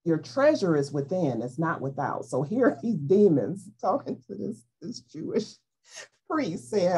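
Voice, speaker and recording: Woman Bible teacher, lively pitch, slightly husky, informal and playful delivery. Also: a little slow. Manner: animated, playful, acts out voices in quotes.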